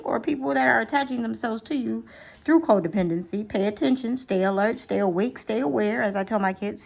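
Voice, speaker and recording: A woman's voice: mid-range voice, vocal fry. A chatty woman giving an affirming reading. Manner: chatty and affirming, slipping into slow, soft affirmations; repeats and restarts phrases as she thinks aloud. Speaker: astrology and tarot reader. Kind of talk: casual spiritual reading vlog.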